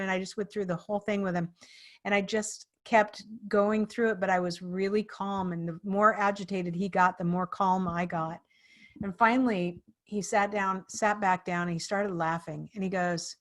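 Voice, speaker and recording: Animated woman storyteller hosting a podcast. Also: mid-range voice, a little fast. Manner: animated storyteller, acts out quoted people. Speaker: podcast host. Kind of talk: casual interview storytelling.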